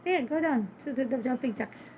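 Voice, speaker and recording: A woman's voice: high voice, normal speed, darkish tone, slight background noise. A woman coaching a child through exercises off camera, cheering him on with repeated praise and frequent laughter. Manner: cheering, repetitive, laughs often. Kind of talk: casual home video coaching.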